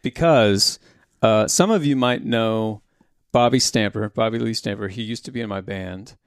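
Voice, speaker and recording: A man's voice: on the low side, normal speed, smooth, no room sound, studio quality. A middle-aged man co-hosting a podcast, playful and chatty, telling stories about family trips. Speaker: podcast co-host. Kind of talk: casual chat.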